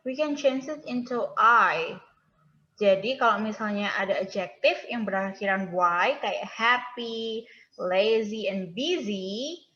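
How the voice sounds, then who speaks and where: Young Indonesian-accented woman teacher, crisp bright voice, dull lo-fi sound. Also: mid-range voice, slight background noise. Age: young adult. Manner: explains rules step by step, mixing languages. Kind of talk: micro-teaching grammar lesson. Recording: dull lo-fi recording.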